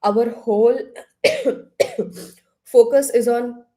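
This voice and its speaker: A woman leading an online counseling workshop, asking the group questions and now and then clearing her throat. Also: a little high, wildly swooping pitch, extremely slow, mellow. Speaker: workshop trainer. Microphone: laptop far across the room.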